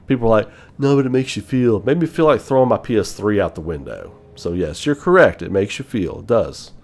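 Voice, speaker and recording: Animated, profane gaming host, lowish voice. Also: male voice, fairly quick. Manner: animated, profane, laughing often. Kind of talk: casual live-stream chat.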